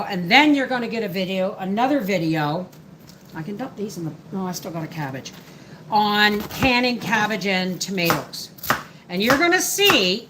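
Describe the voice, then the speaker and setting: A woman's voice: medium pitch, fairly bright tone, a little hiss or hum, rough recording. A middle-aged woman hosting a homestead live stream, chatting in a rambling way while she works and answers viewers. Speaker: homestead livestream host. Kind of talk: casual live-stream chat while working.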